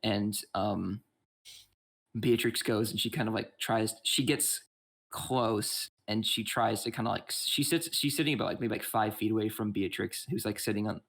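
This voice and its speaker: A man's voice: fairly low pitch, moderate pace, creaky, a bit bright. A man narrating as game master of a tabletop game, rambling and full of restarts.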